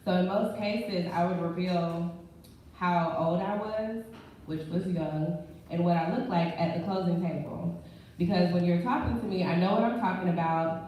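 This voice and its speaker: A woman's voice: on the low side, moderate pace. A young woman who works as a mortgage branch manager, telling her career story in a candid, self-assured, conversational way on a live panel. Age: young adult. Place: live event room. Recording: echoey room, distant mic, dull sound, faint noise.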